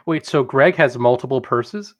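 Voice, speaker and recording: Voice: mid-range voice, moderate pace. A player in a casual tabletop game with a flamboyant, theatrical way of talking.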